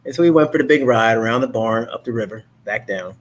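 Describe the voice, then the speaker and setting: Fast-talking and medium-pitched, a man chats through a loose monologue on his own talk show, restarting often and leaning on fillers. He brings quotes to life by impersonating the people he's describing, with slight hiss or hum underneath.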